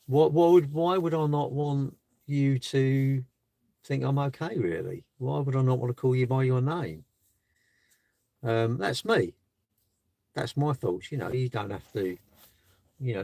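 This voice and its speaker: A man's voice: mid-range voice, normal speed, creaky, mellow, no room sound. A man chatting on a live stream from his parked car, rambling and asking rhetorical questions. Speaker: livestreamer. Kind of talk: casual live stream chat.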